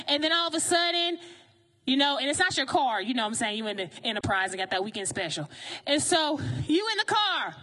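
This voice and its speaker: A woman preaching a sermon in a lively, conversational way, often asking the congregation questions. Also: sits high, a little fast.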